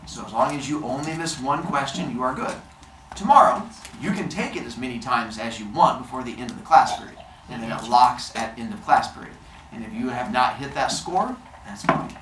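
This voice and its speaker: A man's voice: medium pitch, a little fast. Guy teacher explaining a quiz to his class, dry sarcastic jokes, mid-range voice, lots of kid noise around. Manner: steady step-by-step explaining. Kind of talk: classroom instruction. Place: classroom full of seventh graders. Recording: noisy classroom. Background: student chatter.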